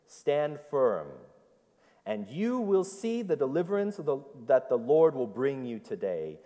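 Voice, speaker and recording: A man preacher voicing Moses as a calm, reassuring leader, in a church hall with long reverb. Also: mid-range voice, unhurried. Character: calm, steady old male leader Moses.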